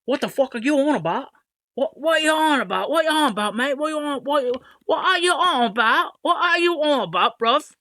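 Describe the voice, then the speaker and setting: A man's voice: very high-pitched, animated, fairly quick, sharp tone, dry recording, voice pushed up, exaggerated voice. A man putting on an exaggerated Cockney accent to play a jeering young British guy. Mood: mocking. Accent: put-on Cockney. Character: mocking young male British bloke.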